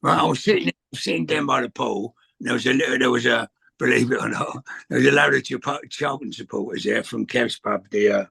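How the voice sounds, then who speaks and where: A man's voice: medium pitch, brisk, gravelly, fairly bright tone, husky. A man, telling rambling, cheeky anecdotes in a casual chat, acting out what people said. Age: 60s. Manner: rambling anecdotes with swearing and acted quotes. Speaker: guest answering questions.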